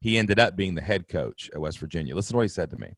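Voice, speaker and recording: A man's voice: deep voice, lively intonation, fast talker, no echo, studio quality. A man hosting a podcast, telling a story in casual chat with many restarts and an easy, rambling manner. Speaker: podcast host.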